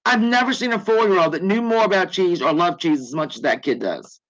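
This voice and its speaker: A woman's voice: lowish voice, animated, brisk, poor audio. A woman in her forties hosting a livestream in casual chat, joking and swearing freely as she rambles. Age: 40s. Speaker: livestream host.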